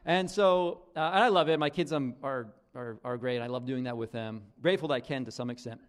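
A man's voice: mid-range voice, a little fast. A middle-aged man preaching a conversational sermon as pastor, with frequent restarts and "right?" asides.

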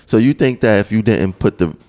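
Man with a real low gravelly voice asking casual follow-ups. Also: expressive, a little fast, mellow. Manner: curious, asks loose follow-up questions. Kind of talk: casual interview.

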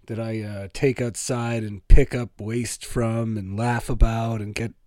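A man's voice: lowish voice, flat delivery, a little slow, a little mellow, dry recording, clean studio sound. A man hosting his own comedic podcast, rambling and self-mocking with a sarcastic edge. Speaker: podcast host. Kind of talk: solo comedic podcast monologue.

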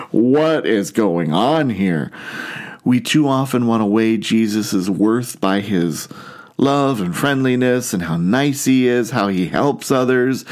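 A man as pastor preaching an earnest sermon, often turning to rhetorical questions for his listeners. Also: lowish voice.

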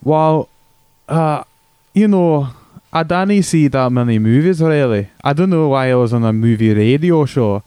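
A man's voice: on the high side, expressive, unhurried, mellow, clean tone, no echo. A man putting on a crude mock Scottish accent to play a blustering, rambling Scotsman calling into a podcast. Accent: Scottish, put on. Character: crude stereotypical Scotsman cousin, gruff. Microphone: phone call.

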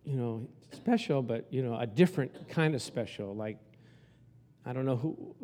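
A man's voice: mid-range voice, moderate pace, dark tone. A man in his sixties preaching a sermon in a conversational, folksy way with an Italian accent. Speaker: pastor.

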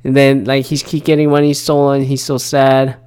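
A man's voice: medium pitch, monotone, normal speed, darkish tone, clear, resonant tone. A man in his thirties giving casual solo commentary as host, rambling and swearing, with lots of fillers and restarts. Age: 30s.

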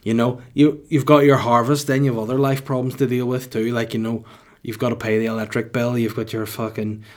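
A man's voice: mid-range voice, flat delivery, brisk. A man in his thirties hosting a solo podcast, rambling crudely and jokingly with lots of swearing. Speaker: podcast host.

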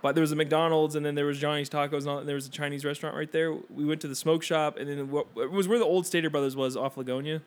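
A man's voice: a little high, steady tone, fast, hardly any pauses. A young man in casual conversation as a podcast co-host, telling rambling stories with restarts. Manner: rambling storyteller, many restarts. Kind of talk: casual chat.

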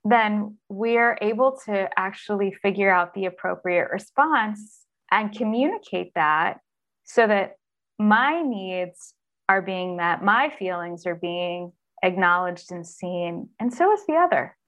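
Earnest, expressive woman coach. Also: medium pitch, takes it slowly. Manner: earnest and expressive, acts out inner voices. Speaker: author and executive coach, podcast guest. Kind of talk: conversational interview.

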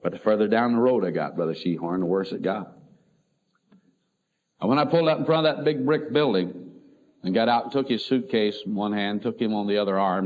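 A middle-aged man, a pastor, telling an emotional personal story in a sermon, swinging between loud and soft. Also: fairly low pitch. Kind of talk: sermon testimony. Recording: tinny phone-like lo-fi recording.

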